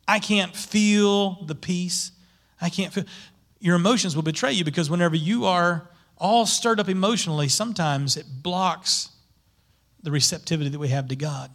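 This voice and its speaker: Bright high-voiced man preaching. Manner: animated preaching, rhetorical questions to the congregation. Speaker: pastor. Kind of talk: sermon.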